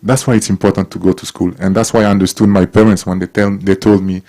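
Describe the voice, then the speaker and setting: A man giving casual, encouraging advice to young people, with halting restarts. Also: sits low, little pitch movement, warm tone. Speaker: guest speaker, former footballer. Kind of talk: casual talk to young audience.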